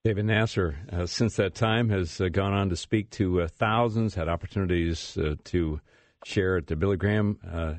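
A male radio host introducing his guest, speaking haltingly with frequent fillers. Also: low-pitched, a little mellow, no room sound. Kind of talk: radio show host segue.

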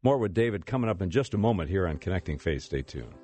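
A male radio host introducing his guest, speaking haltingly with frequent fillers. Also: deep voice, animated, loud music behind the voice. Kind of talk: radio show host segue.

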